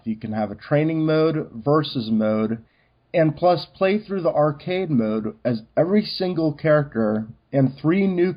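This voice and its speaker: A man co-hosting a podcast in casual chat, talking loosely with many fillers. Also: mid-range voice. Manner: chatty, many fillers like "um" and "you know". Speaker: podcast co-host. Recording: dull lo-fi recording.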